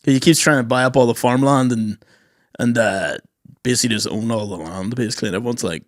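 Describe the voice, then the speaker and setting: Welsh lad co-host, crude banter, dry close sound; casual podcast chat. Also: male voice, medium pitch, fast, no echo. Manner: crude, joking, swears a lot.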